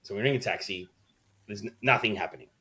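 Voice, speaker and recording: Fast, bright, and forceful, this Australian man's voice sits fairly low. As a podcast co-host in casual conversation, he rambles through a swear-heavy story, often starting over.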